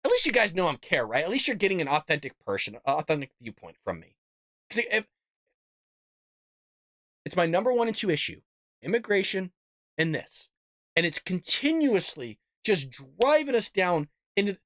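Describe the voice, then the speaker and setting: A man hosting a political show, ranting hotly and tripping over his own restarts. His pitch swings widely as he vents. The sound is dry and close with no room echo. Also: big pitch swings, fairly quick, long pauses, a bit bright. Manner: heated, exasperated ranting with frequent restarts. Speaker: political commentary host. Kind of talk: live political commentary.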